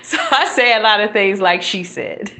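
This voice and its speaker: A woman's voice: mid-range voice, bright, forceful tone. A middle-aged woman with a Southern American accent, raised up north, hosting a playful, sassy live-stream chat with her viewers through a phone held in her hand. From northern United States. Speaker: live-stream comedy host.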